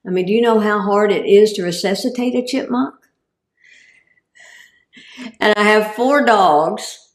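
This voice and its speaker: A woman's voice: medium pitch, measured pace, long pauses, echoey room. A woman giving a humorous, self-deprecating talk as a guest speaker and cancer survivor. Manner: comic, self-deprecating delivery.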